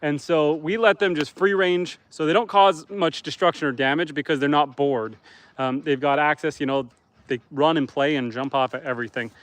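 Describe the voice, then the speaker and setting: Canadian homestead guy on a stream, kinda high voice, dry close sound, reads chat comments out and answers. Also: fairly even intonation, moderate pace, dry recording. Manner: reads viewer comments aloud and answers them. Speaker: homesteader livestreamer. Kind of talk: casual livestream chat reading comments. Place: outdoors by a campfire.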